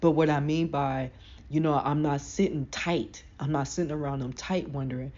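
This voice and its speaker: Deep-voiced woman giving frank advice. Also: steady tone, moderate pace, a little mellow, highs cut off. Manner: frank, emphatic, conversational, with slang. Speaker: self-help vlogger. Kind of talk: casual motivational talk to camera.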